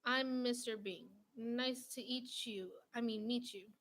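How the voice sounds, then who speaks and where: A woman's voice: fairly high pitch, a bit bright. A woman voicing a sheepish, stammering man in a read-aloud storybook. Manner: slow, hesitant, sheepish.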